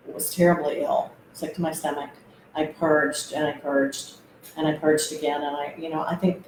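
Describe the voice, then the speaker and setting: A woman guest telling a personal story, hesitant and reflective, with many pauses and fillers. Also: sits low, darkish tone, a little hiss or hum. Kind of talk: personal testimony. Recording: roomy echo.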